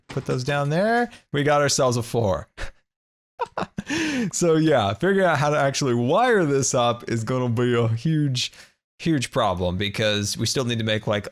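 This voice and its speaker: Excitable man narrating his gameplay. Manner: chatty, thinks aloud, jumps high and squeals when panicking. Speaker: Minecraft let's play host. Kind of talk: casual gameplay commentary.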